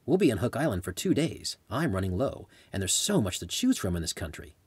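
A man's voice: fairly low pitch, big pitch swings, darkish tone, slightly rough, dry recording, full character voice. Man doing an eager, chocolate-loving travel buddy. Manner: quick, enthusiastic. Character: adult male travel companion, eager chocolate lover.

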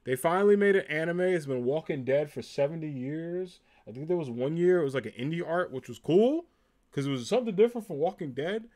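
A man's voice: on the high side, expressive, a little fast, dark tone. A young man with a New Jersey accent chatting casually on a live stream, upbeat and full of ums and likes. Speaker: live streamer showing a convention haul.

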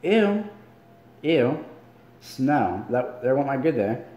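A man's voice: mid-range voice, big pitch swings, takes it slowly, mellow, roomy sound, lo-fi sound, slight background noise. A man voicing a sarcastic teenage girl in a raised, girlish voice, reading aloud from a book. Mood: grumpy.

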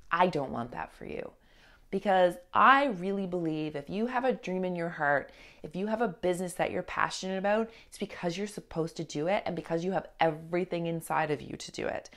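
Earnest woman business coach. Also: lowish voice. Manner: earnest and encouraging, emphatic repetition. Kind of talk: motivational talk to camera.

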